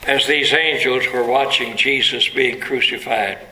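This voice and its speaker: A man's voice: medium pitch, steady tone, measured pace, bright, forceful tone, a little hiss or hum. A man preaching a sermon, telling the story dramatically and building to emphatic peaks. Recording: echoey room.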